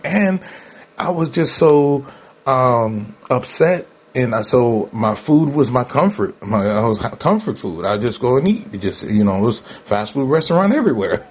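A man's voice: medium pitch, darkish tone, slightly rough. A man hosting a talk show, speaking candidly and conversationally, repeating himself for emphasis and laughing often. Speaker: host. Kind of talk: solo talk show monologue.

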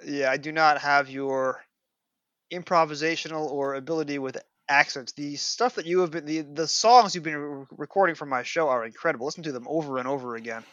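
A man's voice: a little high, a little fast, a bit bright, no room sound, lo-fi sound. A man with a New York accent hosting a podcast in an enthusiastic, self-deprecating way. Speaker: podcast host. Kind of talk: podcast chat.

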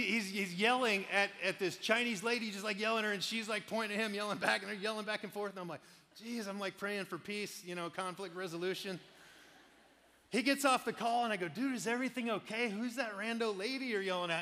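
Animated high-voiced man preaching. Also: quick pace, in a large hall. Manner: animated storyteller, laughs often, quotes people. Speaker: pastor. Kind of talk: sermon with personal stories.

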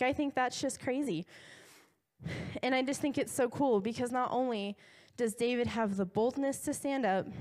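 A young woman preaching to a congregation, retelling a story in a casual, animated way full of asides and quick laughs. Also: a little high.

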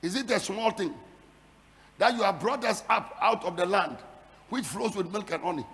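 A man preaching a fiery sermon, building his repeated phrases into shouted, sing-song climaxes. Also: high voice, normal speed, gravelly. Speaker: pastor. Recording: long hall reverb.

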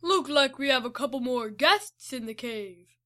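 A woman voicing a menacing cave creature villain who speaks slowly and gloats. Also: high voice, lively intonation, very noisy. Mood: gloating.

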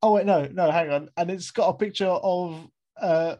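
A man in his twenties, co-hosting a casual podcast chat, quick and rambling with laughs between remarks. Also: high voice, dark tone, muffled recording. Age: 20s. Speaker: podcast co-host.

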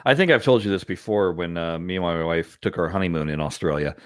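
American guy, lowish voice, dry close sound, rambly storyteller who laughs a lot. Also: fast talker, no room sound. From United States. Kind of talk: casual chat.

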